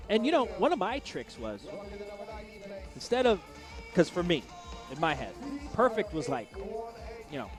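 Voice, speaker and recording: A chatty male race commentator with a high, light voice, talking from a small, hot booth. He jokes easily and keeps the talk upbeat. Loud music plays behind him. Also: huge pitch swings, moderate pace, long pauses. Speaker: race commentator and pit interviewer. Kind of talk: live sports commentary and interviews.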